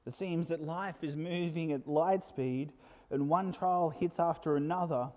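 A man preaching a sermon in an earnest way, building to emphatic peaks and dropping to soft asides. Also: fairly high pitch, measured pace. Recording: long hall reverb.

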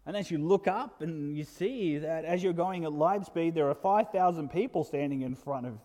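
Preacher, man, earnest sermon delivery, warm mellow tone, soft asides and emphatic peaks, church-hall reverb. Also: fairly high pitch, normal speed.

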